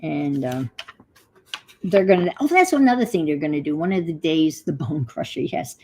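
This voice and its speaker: Older lady doing crafts on a stream, low husky voice, slow, mumbling to herself. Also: lively intonation, darkish tone, poor audio. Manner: talks to herself while working, muttering asides. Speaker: craft livestream host. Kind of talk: casual crafting livestream chat.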